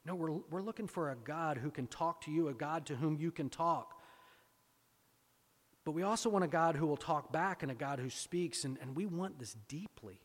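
A man's voice: a little high, normal speed, long reverb tail. A male pastor giving a sermon, asking rhetorical questions and repeating phrases for emphasis.

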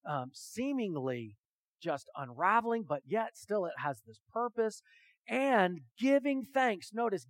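Man, sermon, high voice, dry close sound, earnest, questioning. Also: dry recording. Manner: earnest, questioning, acts out dialogues. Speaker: pastor. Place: church hall with audience.

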